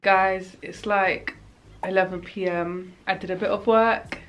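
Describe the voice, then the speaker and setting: A woman's voice: mid-range voice, fairly even intonation, measured pace, over music. A woman in her twenties, a medical student, chatting casually and candidly through her day in a vlog. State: hiccuping.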